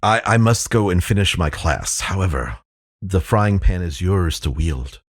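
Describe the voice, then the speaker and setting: A man voicing a stout, pompous master chef who speaks in slow, grand proclamations. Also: deep voice, animated, husky, dry recording, clean studio sound, exaggerated voice. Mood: formal.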